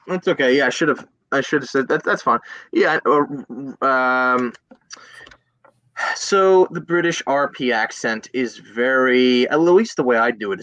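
A young man from Virginia Beach talks easily as a podcast guest, looping through fillers and quick restarts. His voice sits in a middle pitch with a bright, forward edge. The recording is dry and close. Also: no echo, dull audio. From Virginia Beach, USA. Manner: chatty, many fillers and restarts. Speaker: guest actor. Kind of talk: casual interview chat.

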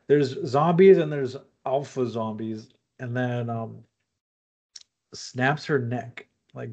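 A man's voice: mid-range voice, creaky. A laid-back man talking over a movie in a casual podcast chat, laughing at his own points and filling his speech with "like." His audio sounds dull and muffled, as if recorded on a lo-fi setup.

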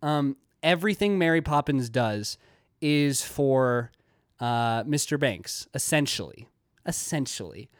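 A man's voice: mid-range voice, slow, clear, resonant tone, dry recording. Rambling young man, dry close mic. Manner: rambling, many fillers and restarts. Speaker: video essay host. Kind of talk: casual video essay.

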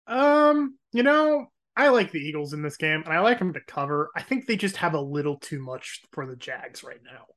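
A man co-hosting a casual sports-betting chat who hedges and stumbles over his openings while he thinks out loud. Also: a little high, sing-song, normal speed, hardly any pauses. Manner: hedging, stammers at starts, thinks aloud. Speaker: podcast co-host.

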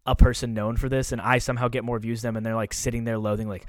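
A man's voice: fairly low pitch, little pitch movement, racing, few pauses, no room sound, clean studio sound. A man talking loosely and candidly as a podcast guest, swearing now and then. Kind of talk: casual podcast chat.

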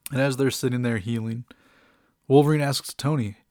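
A man's voice: mid-range voice, fairly even intonation, moderate pace, darkish tone, no room sound, clean studio sound. A young man casually recapping a comic book, chatty with many fillers and asides.

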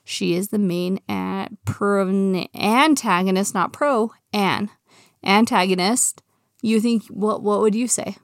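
A young adult woman co-hosting a casual chat. She talks in quick, excitable bursts with frequent exclamations and laughs. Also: medium pitch, no echo, clean studio sound. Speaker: co-host.

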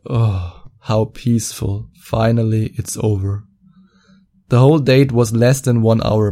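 Mocking man with a dark voice. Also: mid-range voice. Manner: mocking, profane, drawn-out emphasis. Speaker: dating coach. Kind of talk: storytelling monologue to camera.

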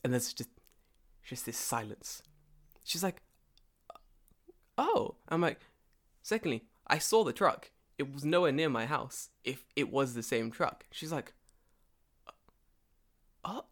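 A man in easy, profane conversation, spinning a long grievance story. He laughs between lines and slips into quick impressions of the people he talks about. His voice sits at an ordinary middle pitch. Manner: animated, acts out both sides of a phone call, laughs often, swears a lot. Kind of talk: casual profane storytelling chat. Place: lives and works in Japan.

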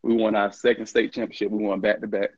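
Animated storyteller man, dull sound. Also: fairly low pitch, fast, no room sound. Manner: animated storyteller, laughs often, acts out quoted dialogue. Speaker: interview guest, former college football player. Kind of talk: casual storytelling.

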